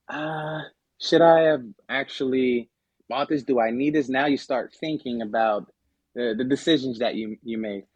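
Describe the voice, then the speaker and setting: A man's voice: medium pitch, no room sound, muffled recording. Man chatting casually on a podcast. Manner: conversational, many fillers and restarts. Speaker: podcast guest. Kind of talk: casual explanatory podcast talk.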